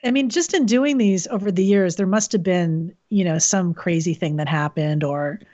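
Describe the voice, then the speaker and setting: A woman's voice: fairly low pitch, normal speed, darkish tone, lo-fi sound. A woman hosting an interview, chatty and hedging her questions with lots of fillers. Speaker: interview host. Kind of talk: casual interview.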